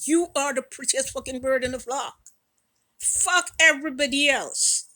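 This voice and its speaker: High bright-voiced lady in her 60s, slow emphatic talk, swears a lot, repeats herself. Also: animated, poor audio. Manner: emphatic, profane, repeats phrases, swings from soft to loud. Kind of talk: impassioned direct-to-camera talk.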